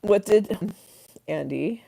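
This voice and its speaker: A woman's voice: mid-range voice, lively intonation, takes it slowly, creaky, warm tone. A woman hosting a casual livestream, chatting freely with viewers, swearing and laughing at her own stories. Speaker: livestream host reading chat.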